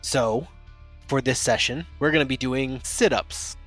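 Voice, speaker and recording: A man acting as game master, explaining the rules in a relaxed, rambling way. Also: medium pitch, measured pace, faint music behind. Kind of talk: narrating a tabletop game.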